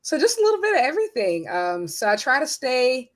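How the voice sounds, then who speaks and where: A woman's voice: high-pitched, wildly swooping pitch, fairly quick. A woman in her twenties from South Carolina, chatting as a guest with lots of ums. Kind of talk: casual chat.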